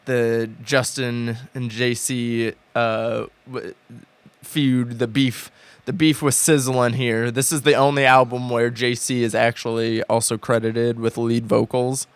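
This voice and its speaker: A man's voice: medium pitch, little pitch movement, takes it slowly, smooth. A man in his late twenties co-hosting a podcast, rambling enthusiastically with lots of fillers and restarts. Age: late 20s. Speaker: podcast co-host. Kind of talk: casual chat. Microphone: podcast studio mic.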